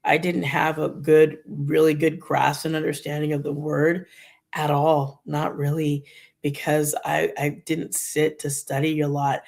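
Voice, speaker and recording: A woman's voice: low-pitched, little pitch movement, measured pace, creaky, darkish tone. A middle-aged woman talking in a rambling, conversational way as she shares a candid personal faith testimony on her channel. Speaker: Christian vlogger.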